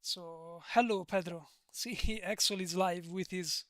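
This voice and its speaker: A man's voice: high voice, steady tone, slow, a bit bright, no echo, studio quality. A man with an Italian accent chatting casually on a live stream, rambling, digressing and laughing often. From Italy.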